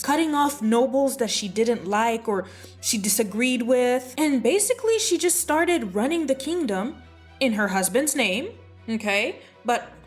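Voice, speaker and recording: A woman host telling history in a casual, gossipy way, full of sassy, playful asides. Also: a little high. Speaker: history vlogger. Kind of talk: casual chatty storytelling.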